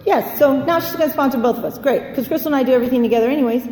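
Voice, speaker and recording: A woman in her forties telling a personal story in a lively, candid way, acting out the voices she quotes. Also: high-pitched, racing, a crowd in the background. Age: 40s. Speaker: speaker sharing a recovery story. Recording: echoey hall, faint background noise.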